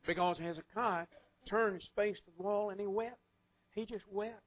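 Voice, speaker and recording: A man delivers a sermon, telling its stories in a folksy, wry way. His voice sits a little high. The recording is dull and lo-fi. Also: fairly even intonation, normal speed. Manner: folksy storytelling with wry asides and chuckles. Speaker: preacher. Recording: muffled lo-fi recording.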